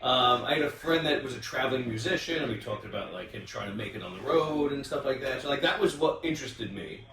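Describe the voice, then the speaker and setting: A man tells stories in a loose, animated way, stopping to restart and filling gaps with ums. He sits some distance from the mic in a room that echoes. He hosts a casual round-table chat. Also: medium pitch, quick pace, crowd noise. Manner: animated storyteller with many restarts and fillers. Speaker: podcast host.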